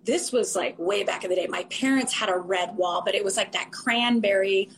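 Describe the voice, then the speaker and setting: A woman hosting a casual chat, bubbly and quick to laugh, asking her guest questions. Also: mid-range voice, slight background noise. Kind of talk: casual conversation.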